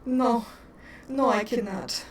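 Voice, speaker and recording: A woman's voice: a little high, slow. A woman with a Wisconsin accent, chatting and laughing as game master of a tabletop game. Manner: giggly, chatty, talks to her pets. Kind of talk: casual tabletop chat. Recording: echoey room, distant mic, faint noise.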